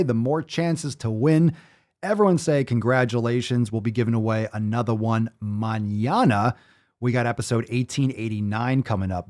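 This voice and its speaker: A man's voice: medium pitch, darkish tone. Boisterous, profane male podcast host. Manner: profane, boisterous, mock-bragging. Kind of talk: casual chat.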